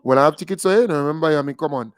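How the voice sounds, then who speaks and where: A Grenadian man hosting a call-in radio show, talking in a lively, joking way with Caribbean creole phrasing. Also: a little high, rapid-fire, clear, resonant tone. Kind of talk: casual radio talk with a caller.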